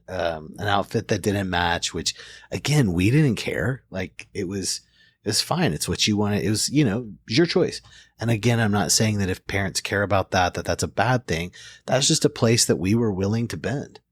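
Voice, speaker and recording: A man's voice: low voice, dry recording, studio quality. A man in his forties, a therapist hosting a casual podcast conversation, telling reflective stories and often restarting his sentences. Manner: reflective storyteller, with frequent restarts. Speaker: therapist host.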